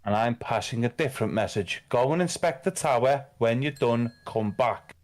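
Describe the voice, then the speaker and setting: A man's voice: medium pitch, moderate pace, a little mellow. A man, playing a tabletop game, blunt and laying out his moves aloud. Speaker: player. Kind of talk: casual tabletop play.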